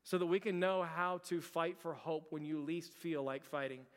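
High-voiced man preaching in a reverberant hall. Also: smooth. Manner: animated storytelling, casual and conversational with quick asides. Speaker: pastor. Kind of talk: sermon. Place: church sanctuary. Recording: church sanctuary with long reverb.

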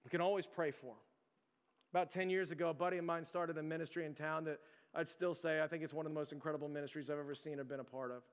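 A man's voice: fairly high pitch, steady tone, quick pace, big-room sound. A man preaching a sermon in an earnest, conversational way, leaning on "like" as he talks. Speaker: pastor.

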